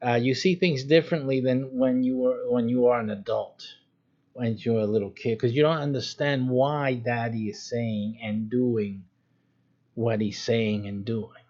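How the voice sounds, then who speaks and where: A man's voice: medium pitch, steady tone, a little slow, darkish tone. A man pastor giving an informal sermon teaching, with a demonstrative manner, acting out stern warnings and chuckling. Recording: dull lo-fi livestream audio.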